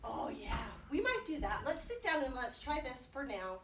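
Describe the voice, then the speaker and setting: Lively, encouraging woman leading kids' movement. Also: high voice, normal speed, noisy background. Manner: cheerful and encouraging, with playful sound words. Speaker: children's librarian leading a movement class. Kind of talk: lively children's music and movement class. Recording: roomy sound from a distant mic.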